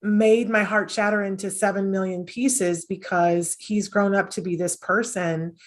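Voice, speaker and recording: A middle-aged woman, a podcast host and autism mom appearing as a guest, speaks earnestly in a conversational interview, telling stories with many fillers and restarts. Her voice is medium in pitch, steady, and unhurried.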